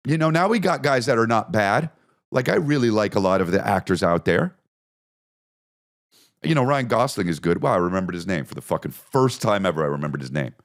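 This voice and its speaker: Male comedy podcast host, low gravelly voice, wildly swinging pitch, profane rambling storyteller. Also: brisk. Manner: animated, profane, jumps into bits and voices.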